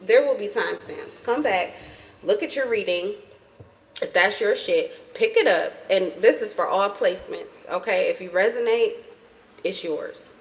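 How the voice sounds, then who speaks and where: A woman reading tarot cards straight to the camera in a blunt, salty, emphatic way. She swears freely and drives her points home by repeating short lines. Her pitch sits in the middle of the range. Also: unhurried, rough recording. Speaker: tarot reader.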